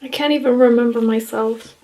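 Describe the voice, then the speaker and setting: A woman's voice: a little high, fairly even intonation, a little fast, warm tone, a little hiss or hum. A woman vlogging her reading, giving a gushing, emotional running commentary full of laughter. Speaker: book vlogger. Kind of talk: casual reading vlog reactions.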